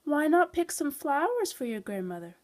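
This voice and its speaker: A woman's voice: medium pitch, expressive, normal speed, mellow, lightly acted. A woman voicing a sly, wicked male wolf in a playful storybook delivery.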